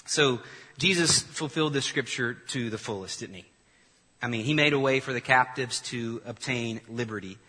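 A male pastor delivers an animated sermon in a bright, somewhat husky voice. His words ring out with a long reverb in a church hall. He draws the congregation in, asking them to repeat lines back to him. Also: mid-range voice, normal speed.

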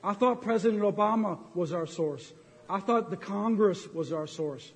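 Middle-aged male preacher, fired-up and joking, high voice, echoing sanctuary. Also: normal speed. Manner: impassioned, ranting, jokey. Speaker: pastor. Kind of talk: sermon. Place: church sanctuary. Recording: long hall reverb.

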